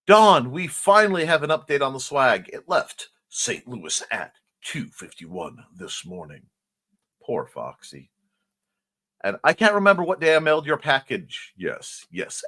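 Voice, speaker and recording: A man hosts a relaxed morning stream and reads out viewers' comments as he goes. His voice sits fairly high and swings widely in pitch, so he sounds animated and playful. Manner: chatty, playful, reads chat messages aloud. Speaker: host. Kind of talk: casual livestream chat, reading out comments.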